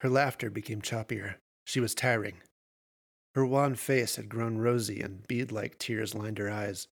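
Gravelly man reading horror fiction. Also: fairly low pitch, fairly even intonation. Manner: measured storytelling. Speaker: narrator.

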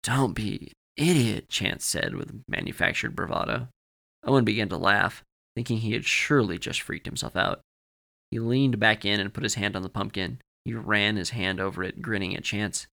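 Man, low voice, horror story narration, measured, steady, podcast. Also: creaky.

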